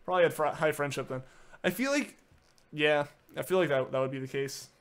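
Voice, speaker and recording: A man's voice: on the high side, a little fast, clear, resonant tone. A man streaming a game, chatting casually and answering viewer messages, often using filler words and restarting his sentences. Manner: filler-heavy, many "like"s and restarts. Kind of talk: casual live-stream chat.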